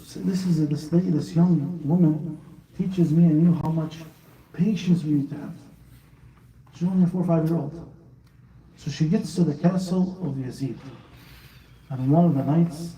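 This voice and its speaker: A man's voice: fairly high pitch, normal speed, long pauses, warm tone, slight background noise. A man preaching to children at a house gathering, asking them questions as he tells a story that builds to emotional recitation. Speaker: speaker at a children's majlis. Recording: echoey room, speaker far from mic.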